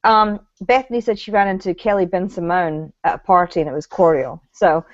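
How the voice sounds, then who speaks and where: A woman's voice: lowish voice, steady tone, a little fast, no echo, muffled recording. A woman co-hosting a casual chat about reality TV, blunt and opinionated, swearing freely. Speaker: co-host.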